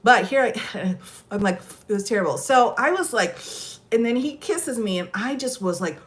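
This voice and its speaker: A middle-aged American woman telling stories in a casual chat, laughing often and animated. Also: on the high side, normal speed. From United States. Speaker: host.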